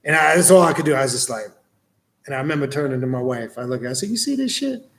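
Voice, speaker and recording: A man's voice: mid-range voice, rapid-fire, echoey room. A man hosting a livestream, reading out and answering viewers' questions in a blunt, casual, profane way and telling stories with plenty of energy. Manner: blunt, profane, animated storytelling.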